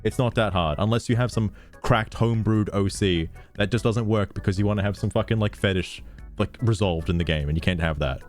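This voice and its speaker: A man's voice: on the low side, a little fast, faint music behind. A man streaming, reacting to a video in casual, profane commentary, incredulous and often laughing.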